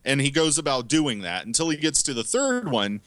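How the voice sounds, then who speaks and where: A man's voice: mid-range voice, big pitch swings, fairly quick, fairly bright tone, no room sound. A man co-hosting a podcast, reviewing movies in casual chat, rambling and swearing with lots of fillers. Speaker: podcast co-host.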